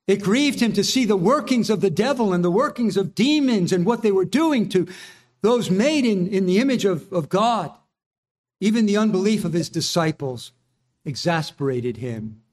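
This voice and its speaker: A man preaching a sermon earnestly, reading scripture and asking the listeners searching questions. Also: darkish tone. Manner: earnest preaching, rising in pitch when quoting. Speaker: pastor.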